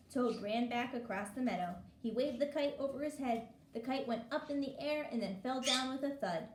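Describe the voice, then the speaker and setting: Gentle woman reading a storybook aloud. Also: sits high, normal speed, hardly any pauses. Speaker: storybook reader for children. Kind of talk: reading a picture book aloud. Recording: echoey room with faint hiss.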